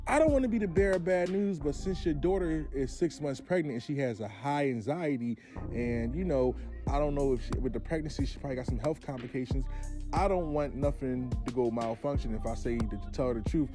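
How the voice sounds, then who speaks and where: A man's voice: mid-range voice, fairly quick, music in the background. A man hosting his own show, telling a long personal story and acting out both sides of the phone calls. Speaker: host. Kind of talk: storytelling monologue.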